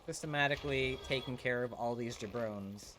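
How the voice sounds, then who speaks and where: A man's voice: mid-range voice, moderate pace, fairly bright tone, a little hiss or hum. A young man streaming a video game, chatting casually with his viewers in a rambling, profane way full of restarts. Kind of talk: casual live-stream chat while playing.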